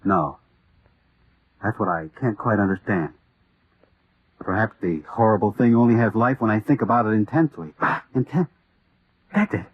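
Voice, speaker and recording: A man's voice: lowish voice, moderate pace, long pauses, husky, dry recording. An actor in 1940s radio acting, playing a terrified man haunted by a horror only he sees, rising into hysterical screaming. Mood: uneasy. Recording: muffled old radio transcription.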